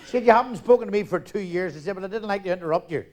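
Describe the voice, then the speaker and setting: An older man with a Northern Irish accent and a high voice tells jokes in a live stand-up set. He talks fast, acts out every character in the dialogue, and punches the lines hard. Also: darkish tone, some chatter behind, a little hiss or hum. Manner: rapid joke-telling, acting out characters in dialogue. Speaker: stand-up comedian. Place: live theatre stage.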